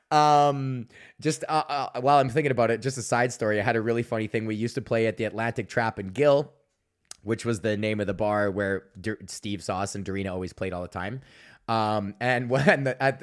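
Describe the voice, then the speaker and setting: A young man rambles through a casual podcast monologue with plenty of swearing. He tells his stories loosely and breaks into frequent laughter, at an ordinary middle pitch. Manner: profane, storytelling, laughs often. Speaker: podcast host.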